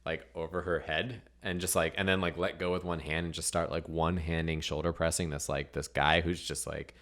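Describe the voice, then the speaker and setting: A man with a very low, deep voice runs a tabletop game as its game master. He rambles as he narrates, filling the gaps with many fillers. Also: little pitch movement, a little fast, a bit bright.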